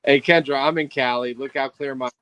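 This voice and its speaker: A man's voice: medium pitch, fairly even intonation, a little fast, sharp tone, clean tone. A man hosting a casual livestream, joking around and laughing often. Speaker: host.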